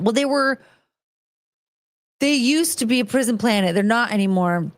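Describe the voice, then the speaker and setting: A woman's voice: fairly high pitch, expressive, normal speed, long pauses, dry recording, studio quality. A woman streamer chatting casually and reading viewer messages aloud, rambling and laughing at herself often. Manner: rambling, giggly, self-mocking. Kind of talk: casual live-stream chat.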